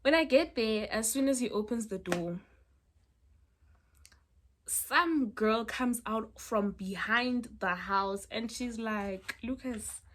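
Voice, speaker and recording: Young woman with a fairly high voice, casual storytime vlogger, chatty and animated. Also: slow pace. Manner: chatty and animated, with lots of fillers and asides to viewers.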